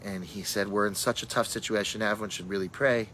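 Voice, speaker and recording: A man's voice: lowish voice, steady tone, fast talker, pushed and bright, slight background noise, rough recording. A man, a rabbi, teaching a casual Torah class and telling stories sprinkled with Hebrew and Yiddish terms, thinking aloud as he goes. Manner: thinks aloud with fillers and restarts.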